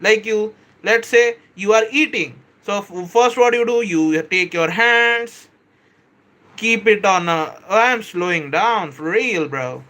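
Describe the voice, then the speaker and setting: A man hosting a live stream, chatting with viewers, reading their comments aloud and explaining a software model, often saying "bro" and "kindly" and correcting himself as he goes. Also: sits high, slow. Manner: self-correcting, hesitant restarts. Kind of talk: casual live-stream teaching.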